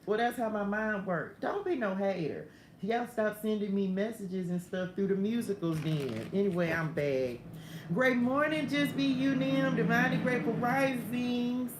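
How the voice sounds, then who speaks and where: A middle-aged woman hosts a casual morning spiritual livestream over a phone, chatting, laughing often and drifting into side stories. Her medium-pitched voice is animated and unhurried, with a noisy background and a roomy, faintly ambient space.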